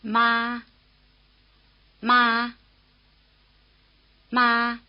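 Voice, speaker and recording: A woman giving slow, carefully articulated model syllables for a pronunciation drill. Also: on the high side, completely flat delivery, smooth. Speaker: native-speaker model voice. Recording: dull lo-fi old course tape.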